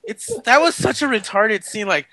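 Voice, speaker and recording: A man's voice: high voice, sing-song, moderate pace, pushed and bright, dry recording, poor audio. A man hosting a casual movie chat, rambling and joking. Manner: rambling, jokey, puts on silly voices in quotes. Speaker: host.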